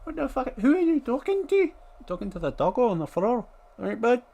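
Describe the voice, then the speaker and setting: A man voicing a baffled male onlooker who heckles him in a high, mocking tone. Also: big pitch swings, fairly quick, gravelly, mellow, heavily acted. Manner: incredulous, high-pitched mocking.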